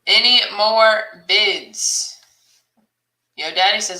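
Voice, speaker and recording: A woman's voice: mid-range voice, measured pace, sharp tone. A woman co-hosting a live-stream auction, chatting with viewers, reading their comments and calling bids with frequent laughter. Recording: roomy echo.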